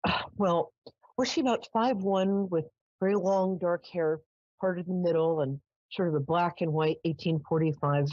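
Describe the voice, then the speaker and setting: A woman's voice: fairly low pitch, normal speed, a little mellow, dry recording, dull audio, close to an everyday voice. A woman quoting her serious professor mother. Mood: dismissive. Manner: dismissive, affectionately condescending.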